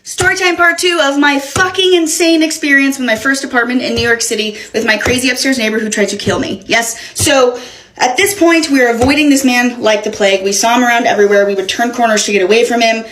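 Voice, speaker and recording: A young woman with a slightly high voice recounts a chaotic personal story. She talks casually and dramatically, with plenty of swearing. The sound has a roomy echo. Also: fast. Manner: animated, profane, dramatic retelling. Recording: echoey room.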